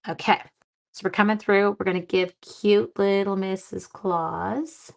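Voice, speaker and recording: Middle-aged woman, craft livestream host, chatty and self-deprecating, a bit of vocal fry, mid-range pitch. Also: fairly even intonation, a little slow. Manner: chatty, self-deprecating, greets viewers by name. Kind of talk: casual livestream crafting demo.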